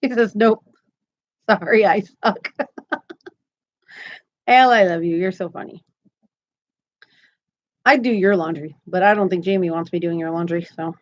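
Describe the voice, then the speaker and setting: A woman's voice: fairly low pitch, measured pace, pauses often, lo-fi sound. A woman hosting a crochet live stream, chatting casually and upbeat, often laughing as she talks. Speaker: crochet channel host.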